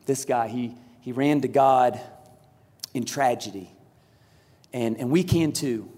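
A man in his thirties preaching a sermon, telling a story with lively animation and acting out the quotes. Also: medium pitch, slow pace. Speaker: pastor. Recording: large hall with long reverb.

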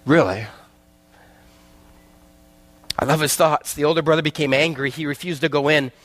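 A man's voice: a little high, flat delivery, quick pace, a bit bright, no echo. A man preaching a sermon as a guest speaker, telling a parable with acted-out voices and joking with the congregation. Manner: storytelling, acts out parable voices, jokes with congregation.

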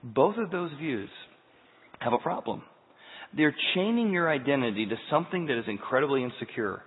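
A pastor with a mid-range, expressive, husky voice preaches emphatically at normal speed, firing off many rhetorical questions to his listeners. The recording sounds tinny and phone-like, with long hall reverb.

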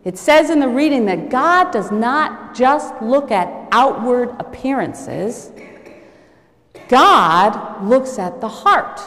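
A woman giving a sermon in a church, telling a story and lightly acting out the people she quotes. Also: a little high. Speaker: preacher. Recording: long reverb of a large hall.

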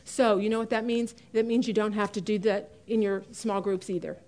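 A woman's voice: medium pitch, steady tone, fairly quick, darkish tone. A middle-aged woman teaching a women's Bible study class in a chatty way, often laughing and stressing key words.

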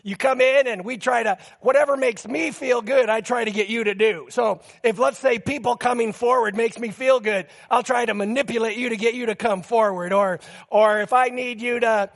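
A man delivers a sermon from the pulpit, his voice pitched high with a gravelly edge. He tells stories in a lively, animated way, throwing in quick asides and acting out the lines he quotes. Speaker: pastor.

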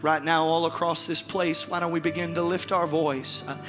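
A man preaching a sermon to his congregation, with dramatic pauses, soft low drops and rising, emphatic calls. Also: flat delivery. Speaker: pastor. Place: large church hall. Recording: long hall reverb with piano behind. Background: soft piano.

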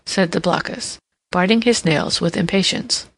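Woman with a gravelly audiobook voice. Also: lowish voice. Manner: steady, measured storytelling. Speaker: audiobook narrator. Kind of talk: audiobook narration of a classic novel.

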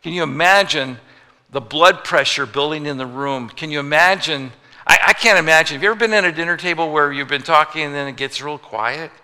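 A male pastor preaching a sermon, telling the story with lively rhetorical questions and joking asides. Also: on the high side, brisk, clear, resonant tone. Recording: long hall reverb.

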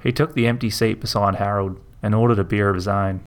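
A man narrating a story in a measured, vivid way. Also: lowish voice, fairly even intonation, clean tone.

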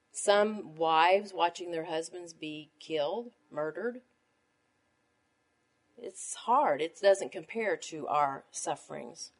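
A woman teaching a Bible study to other women, reading scripture in a measured cadence and leaning on rhetorical questions. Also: medium pitch, a little mellow. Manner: emphatic, asks rhetorical questions.

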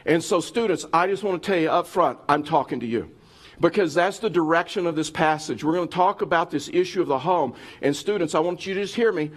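A man's voice: on the high side, fairly quick. Middle-aged male pastor preaching earnestly. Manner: earnest, addressing listeners directly, frequent restarts. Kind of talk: sermon. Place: church service.

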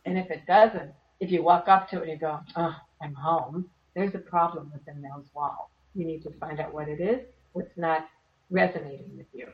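A woman teaching meditation in an earnest, conversational way, slightly hoarse from losing her voice. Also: sits low, fairly quick. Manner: earnest, plays out little voices in quotes. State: losing her voice, clearing throat. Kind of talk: relaxed conversational advice. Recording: distant, dull lo-fi sound.

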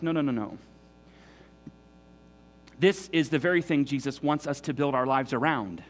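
A man's voice: on the high side, animated, normal speed, a bit bright. A man preaching a sermon in an earnest, emphatic way, often restarting his sentences. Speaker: pastor.

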